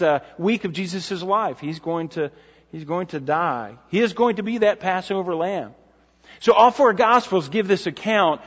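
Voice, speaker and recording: Brief: male pastor, high voice, relaxed conversational sermon, muffled recording in a church. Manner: explains passages in a casual, conversational teaching tone. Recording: dull sound with long hall reverb.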